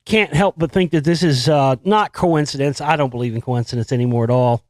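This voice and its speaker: A man's voice: a little high, brisk, dry recording. A man hosting a show, casually riffing on news stories in a profane, rambling and sarcastic way. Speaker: host. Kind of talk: casual monologue commenting on news.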